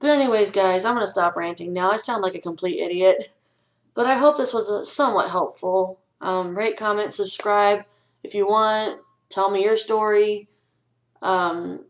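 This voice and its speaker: Young woman, home vlogger, earnest and blunt, mid-pitched, casual rant. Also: rough recording. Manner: earnest, ranting, frank with swearing. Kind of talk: casual vlog advice talk.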